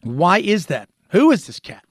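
A man's voice: sits high, huge pitch swings, a little slow, slightly rough, no echo, studio quality. A man hosting an opinionated news commentary, sarcastic and full of rhetorical questions. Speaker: commentary show host.

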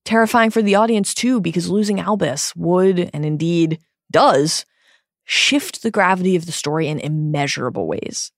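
A woman co-hosting a book discussion podcast, giving measured, reflective analysis that builds lists for emphasis. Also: fairly low pitch, no room sound, clean studio sound. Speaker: podcast co-host.

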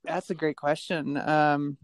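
A woman's voice: sits low, flat delivery, slow pace, no room sound. A woman guest on a podcast who answers in an earnest, searching way, restarting her sentences and laughing between thoughts. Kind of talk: casual reflective interview talk.

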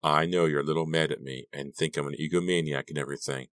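A nervous, cocky teenage boy in a storybook reading, as a man voices him. He speaks in a very deep, slow drawl. The mic is close and dry. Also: steady tone, fairly bright tone, dry recording. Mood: awkward.

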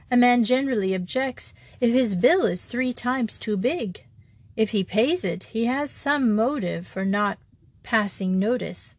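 A woman voicing a meek, apologetic little male country priest who speaks simply and gently. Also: fairly high pitch, no room sound. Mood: mild.

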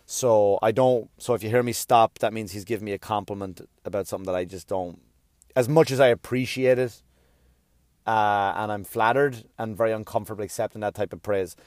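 A man's voice: fairly low pitch, steady tone, a little fast, a little mellow, dry recording, studio quality. A man hosting his own podcast, talking in a rambling, self-deprecating way and swearing casually. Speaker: podcast host.

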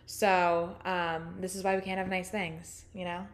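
A woman's voice: fairly low pitch, level tone, unhurried, slight background noise. Chatty woman podcast co-host. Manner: chatty, filler-heavy, laughs often. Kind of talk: casual chat.

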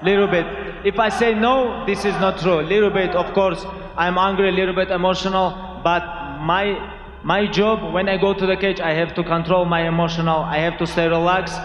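A fighter answering questions in earnest, non-native English with loose grammar. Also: male voice, high-pitched, steady tone, moderate pace, a bit bright, dull audio. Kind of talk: interview answers.

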